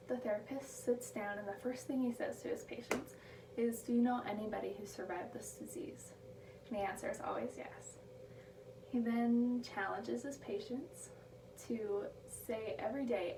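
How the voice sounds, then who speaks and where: A woman delivering a prepared motivational speech, slowing down to stress her key phrases. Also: mid-range voice, far from the mic. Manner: emphatic, slows down on key phrases. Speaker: speaker giving a motivational speech. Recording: echoey room taken from afar, background noise.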